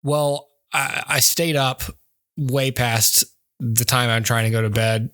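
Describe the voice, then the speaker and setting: A man's voice: medium pitch, fairly even intonation, takes it slowly, a bit bright, dry recording. Man, podcast co-host, tired, rambling, self-deprecating, dry close sound. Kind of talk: casual chat.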